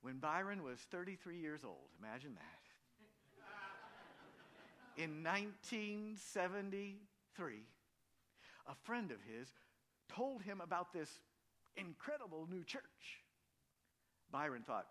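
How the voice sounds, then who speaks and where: Bright, forceful male pastor preaching. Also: sits high, sing-song, measured pace, long pauses. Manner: earnest storytelling preaching. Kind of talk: sermon.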